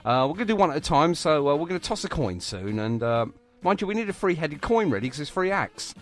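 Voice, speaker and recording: A man's voice: on the high side, big pitch swings, fast. An English man hosting a radio show, bantering and laughing often. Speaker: radio presenter. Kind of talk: jokey radio chat.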